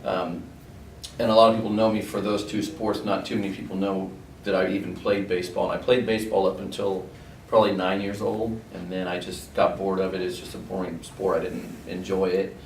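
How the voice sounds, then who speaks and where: A middle-aged man casually recounting his school baseball days in a relaxed, rambling way, full of quoted back-and-forth. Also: low-pitched, a little fast. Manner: relaxed, rambling anecdotes with fillers and quoted dialogue. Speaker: former athlete recalling school days. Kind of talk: casual storytelling. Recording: roomy, distant mic with faint background noise.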